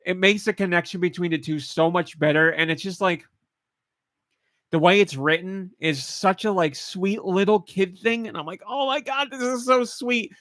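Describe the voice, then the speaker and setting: A podcast host speaks at a normal pace in a high, slightly bright voice, recorded clean in a studio with no room sound. He's in casual chat, gushing with emotion, laughing while he chokes up and grows tearful.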